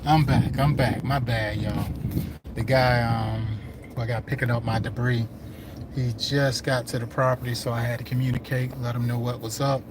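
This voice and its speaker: A man in the middle of a casual livestream, talking from inside his truck as he drives. He rambles in a loose, slangy way at an everyday mid pitch, and his voice is wearing thin. A faint hum of road noise sits under his words. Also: fairly even intonation, normal speed. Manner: rambling, laid-back, slangy talk. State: hungry and losing his voice. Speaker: landscaping business owner. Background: faint vehicle road noise.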